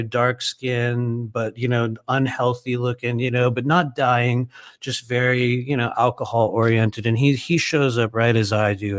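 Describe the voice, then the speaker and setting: A man's voice: mid-range voice, no echo. A man in his fifties telling a story to his viewers in a casual, rambling way, with many fillers and repeated phrases. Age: 50s.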